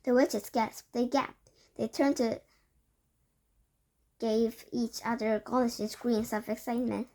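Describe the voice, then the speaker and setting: A woman's voice: fairly high pitch, fairly even intonation, slow, long pauses, darkish tone. A woman reading a children's book aloud, narrating steadily. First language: Korean. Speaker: reader.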